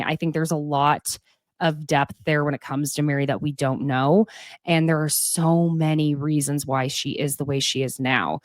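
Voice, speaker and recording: Lady doing a chatty tv recap, kinda low voice, sassy, dry close mic. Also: no room sound. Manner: chatty, sassy, emotional asides. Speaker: reality TV recap host. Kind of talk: casual recap commentary.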